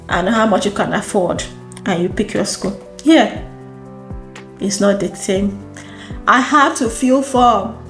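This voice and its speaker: A woman from Nigeria with a Nigerian accent, chatting casually to camera as a vlogger, expressive and exclamatory, repeating phrases for emphasis. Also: mid-range voice. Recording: roomy echo with faint background music.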